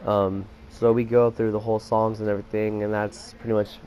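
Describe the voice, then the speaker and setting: A teenage boy rambles through a casual school story, leaning on fillers like "you know" and "like." His voice sits a little low for his age. A faint hiss of noise hangs behind him. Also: flat delivery, brisk, mellow. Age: teens. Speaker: vlogger.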